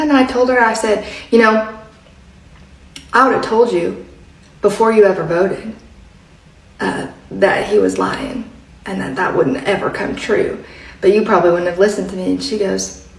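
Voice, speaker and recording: A woman telling a story casually, chatty, laughing often and dropping to a hush when she quotes someone. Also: mid-range voice, normal speed, vocal fry, pauses often, reverberant, far from the mic, low-quality recording. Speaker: social media commentator.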